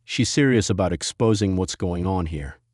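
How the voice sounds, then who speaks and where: A man voicing a cold, stern federal agent who speaks in a measured, authoritative way. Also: sits low, a little mellow, no room sound, clean studio sound.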